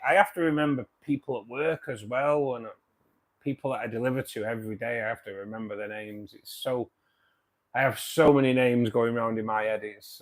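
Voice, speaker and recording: Man, live stream host, casual chat, mid-pitched voice, trailing off quietly. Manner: chatty, friendly greetings, trails off quietly. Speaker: livestream host. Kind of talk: casual live chat reading viewer comments.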